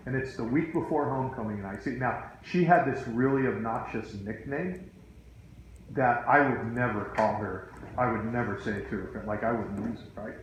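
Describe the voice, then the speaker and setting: A middle-aged man spins a high school story for his students, animated and chatty. His voice sits at an ordinary pitch and rings in a very echoey room. A faint hum of noise is heard behind him. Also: normal speed. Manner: animated, chatty, full of asides.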